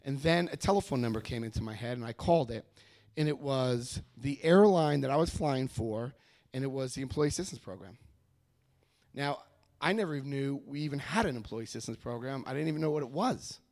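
A man giving a personal testimony at a recovery meeting, telling his story with animated energy and acting out what people said. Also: medium pitch. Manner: animated storytelling, acts out quoted voices. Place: meeting room before a live audience.

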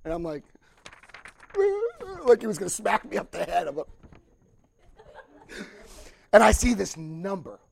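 A middle-aged man telling a lively personal recovery story to a group, acting out voices and laughing often. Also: sits high, measured pace, gravelly, pauses often. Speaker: recovery speaker.

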